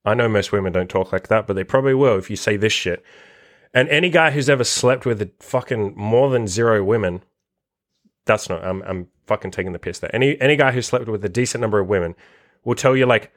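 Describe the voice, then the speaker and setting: Man, low voice, blunt, profane, casual podcast monologue, animated host. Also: a little fast. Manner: blunt and profane, swears constantly; animated, reacting to a written list. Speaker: podcast host and dating coach.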